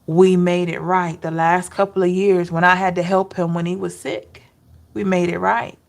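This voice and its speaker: A woman tarot reader sharing personal memories in a slow, emotional, heartfelt way, with soft hums between thoughts. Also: lowish voice, little pitch movement, creaky. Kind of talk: personal reflective talk.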